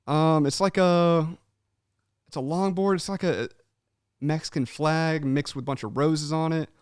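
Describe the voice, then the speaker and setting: A man's voice: a little high, a little slow, smooth, no room sound, studio quality. A young man hosting a podcast, chatting casually and animatedly, swearing freely and calling everyone "man.". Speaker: podcast host. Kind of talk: casual chat.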